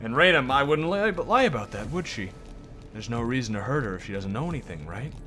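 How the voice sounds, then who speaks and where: A man voicing a calm, reassuring male detective in a game, measured and low-key. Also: over music, close to an everyday voice. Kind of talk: reading game dialogue aloud.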